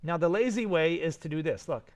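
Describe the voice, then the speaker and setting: A man walks his class through a software tutorial as he records his screen. His voice sits a little high, and he keeps up a running, excited commentary on each step. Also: brisk. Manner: enthusiastic, talks to students while clicking through steps. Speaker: teacher.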